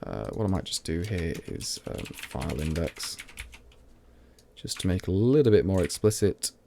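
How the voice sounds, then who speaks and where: A man's voice: sits low, expressive, moderate pace, creaky, dark tone, a little hiss or hum. A tipsy man streaming live, thinking aloud as he codes and chatting to viewers in rambling asides. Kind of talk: thinking aloud while coding.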